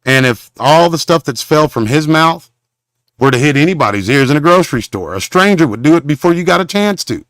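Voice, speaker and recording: A man hosts a livestream and rants at his critics, his somewhat high voice leaping up and down. He rambles and stumbles, then breaks into preacher-like condemnations. The sound is dry and close. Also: expressive, fairly quick, a bit bright, dry recording. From Southern Oklahoma. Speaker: show host. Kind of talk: confrontational livestream rant.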